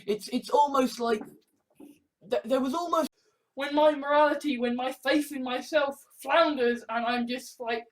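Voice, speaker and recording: Her voice sits high and her pace is measured. She's a host giving a casual rant, swearing and animated as she performs other people's reactions in quoted bits.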